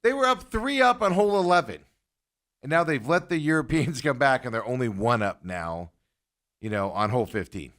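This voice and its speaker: A man's voice: medium pitch, expressive, normal speed, fairly bright tone. A man hosting a casual sports talk show, joking and chuckling between his points. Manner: joking, chuckling often, restarts.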